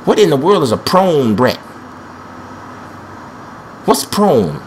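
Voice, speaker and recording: A man's voice: fairly high pitch, very animated, takes it slowly, slight background noise. A young man giving panicky, trash-talking commentary while playing a wrestling video game, with speech. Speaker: gameplay commentator. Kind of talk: excited let's-play commentary.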